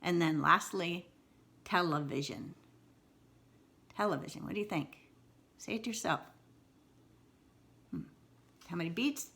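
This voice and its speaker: A woman teaching a video lesson on syllables, repeating words slowly and exaggerating them, with encouraging asides. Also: on the low side, lively intonation, sharp tone. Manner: slow, exaggerated word repetition, encouraging. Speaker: writing teacher.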